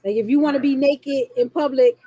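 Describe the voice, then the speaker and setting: A woman's voice: high-pitched, brisk, mellow, no echo. A woman co-hosting a podcast, chatting thoughtfully and repeating words as she restarts. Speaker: podcast co-host. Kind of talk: casual chat.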